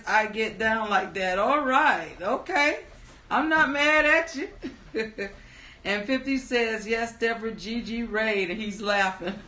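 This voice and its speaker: Her voice is on the high side and fairly bright, with reverb around it. This woman hosts a live stream, chatting upbeat and casual as she greets viewers by name ahead of her story.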